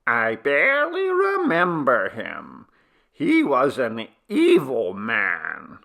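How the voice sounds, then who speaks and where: A very old, half-deaf village grandmother, put on by a man reading a storybook, with a thin voice pitched far above his own and an odd, altered timbre. She drags out each word slowly and a little gruffly, with a gravelly edge. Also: huge pitch swings, bright, forceful tone, exaggerated voice. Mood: recalling. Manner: slow, quavering, hard of hearing.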